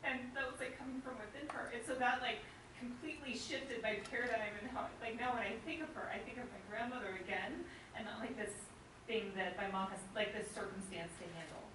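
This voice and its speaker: Halting, chatty woman sharing a story, recorded far off in a roomy hall. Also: a little high, fairly even intonation. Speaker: seminar participant. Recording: echoey room from far off with noise.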